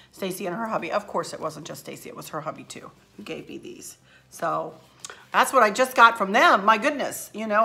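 A woman's voice: mid-range voice, sharp tone. A woman hosting a craft channel, chatting effusively and emotionally to a handheld camera at home, her throat a little scratchy. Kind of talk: casual chat to camera.

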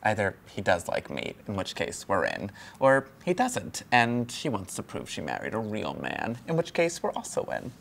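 A woman's voice: rumbling low, wildly swooping pitch, moderate pace, creaky, hardly any pauses, slight background noise, full character voice. A woman playing a veteran telemarketer who gossips in whispered asides, in a comedy audio drama. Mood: gossipy. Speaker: veteran telemarketer mentoring a new hire.

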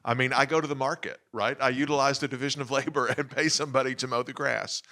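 In a lecture room at an institute, a middle-aged man on a faculty panel talks fast in a mid-range voice with a steady, pushed, bright tone. He's jokey and conversational, making his points through everyday personal anecdotes.

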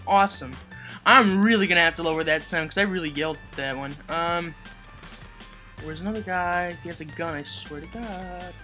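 A man giving casual let's play commentary, swearing and shouting at enemies as he plays. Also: a little high, normal speed. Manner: swears and yells at enemies, loud angry outbursts. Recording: game music behind the voice. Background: video game music.

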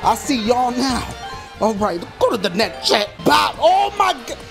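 A man giving loud, excited let's-play commentary, full of profane trash talk and yelling. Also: extremely high pitch, measured pace, vocal fry. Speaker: gaming commentator. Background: game music.

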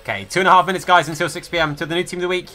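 Bright-voiced man chatting on a stream. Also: sits high, steady tone, very fast, faint music behind. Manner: chatty, greets viewers by name, hypes the chat. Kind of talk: live gaming stream chat.

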